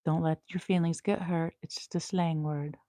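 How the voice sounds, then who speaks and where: A young woman hosting a casual home livestream, chatting playfully and drifting into soft murmurs, recorded on a small clip-on mic. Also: sits low, steady tone, moderate pace, a little hiss or hum. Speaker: host.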